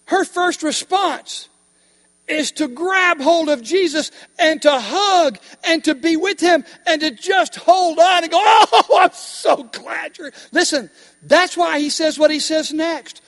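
A man preaching a sermon with emphatic delivery, pausing to ask the congregation questions. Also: extremely high pitch, a bit bright. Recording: long hall reverb.

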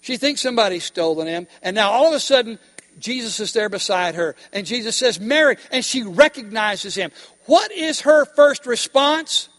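Preacher, male, high pitched, emphatic sermon with call-and-response, long hall reverb. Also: expressive, moderate pace, fairly bright tone.

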